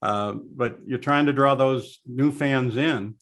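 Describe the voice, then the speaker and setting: An older man, a veteran race broadcaster, telling lively anecdotes in a casual interview over a video call. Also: medium pitch, slow. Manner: storytelling, animated anecdotes.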